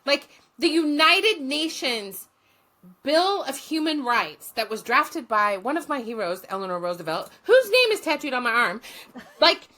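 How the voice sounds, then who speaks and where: Bright sharp-voiced woman, swears a lot, fired up telling stories, kinda high. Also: very animated, unhurried. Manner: blunt, profane, passionate. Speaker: guest; former social work teacher. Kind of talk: storytelling in conversation.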